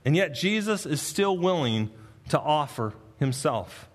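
A man preaching an expository sermon, earnest and emphatic, with dramatic pauses. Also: fairly high pitch, very animated, long reverb tail. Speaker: pastor.

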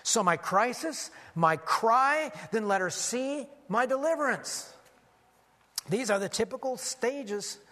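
A man preaching with a notably high voice and an earnest, teaching manner. He walks through his sermon in lettered points, like a pastor at the pulpit. His words hang in a long hall reverb. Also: lively intonation, slow, bright, forceful tone. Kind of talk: expository sermon.

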